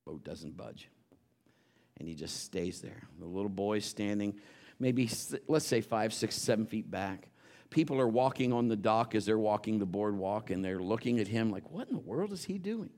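Storytelling preacher, builds to shouts. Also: male voice, fairly low pitch, moderate pace. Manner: storytelling with rising, shouted exhortations. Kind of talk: sermon.

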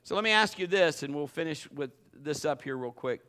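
A middle-aged man preaching a sermon, telling a funny story and acting it out in a lively way. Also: fairly high pitch, a little fast, clear, resonant tone. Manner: animated, acts out the story. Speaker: pastor.

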